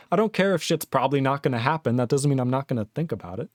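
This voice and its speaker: A young man in his twenties ranting casually on a live-coding stream, reading chat aloud, animated and sweary. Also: medium pitch, fairly quick, no room sound, clean studio sound. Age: 20s.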